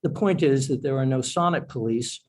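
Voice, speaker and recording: A man's voice: mid-range voice, moderate pace, a little mellow, low-quality recording. A man, an author, speaking as a guest in a podcast interview, explaining in a thoughtful, self-correcting way.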